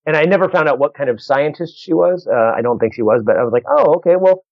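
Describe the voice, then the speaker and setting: A man working as a stand-up comedian, telling a story in a casual, animated way, restarting phrases and acting out the people in it. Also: medium pitch, no room sound. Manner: animated, quick restarts, acts out other voices. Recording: dull lo-fi dry recording.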